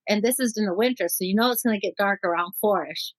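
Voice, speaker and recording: A woman's voice: mid-range voice, fast, no room sound, low-quality recording. A middle-aged woman from Mexico, a guest telling her own story in an interview, vivid and acting out what people said. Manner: vivid storyteller who acts out quotes.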